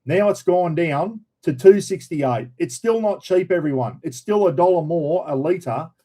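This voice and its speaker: An Australian man hosts a casual livestream chat and answers viewers' comments. He talks in a blunt, opinionated way and drops in plenty of slang. His voice is mellow and warm, and it sits a touch higher than most men's. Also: animated, measured pace, rough recording. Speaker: livestream host.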